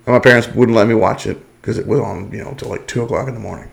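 A man in his forties with a drawl and a gravelly, low voice. He chats casually as a podcast guest and strings his stories along with plenty of filler words. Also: quick pace. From England. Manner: rambling storyteller with many fillers. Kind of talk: casual chat.

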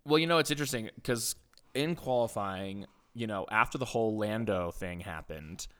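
A man's voice: lowish voice, normal speed, fairly bright tone. A man co-hosting a casual comedic chat, easygoing, chiming in with agreement and asides. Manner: easygoing, frequent agreeing backchannels. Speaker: podcast co-host.

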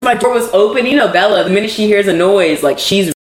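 A young woman co-hosting a podcast in casual chat, candid and animated, swearing freely. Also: mid-range voice, quick pace. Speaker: podcast co-host. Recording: echoey room, faint background noise.

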